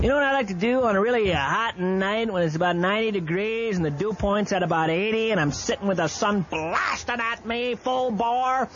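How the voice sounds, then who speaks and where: Male talk radio host, high voice, riffs a comic ad with loud bursts; dull broadcast tone. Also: brisk, few pauses, over loud music. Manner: rambling, mock-ranting, bursts of loud excitement. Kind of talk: improvised comic live-read radio ad. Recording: slightly dull AM radio broadcast with faint hiss.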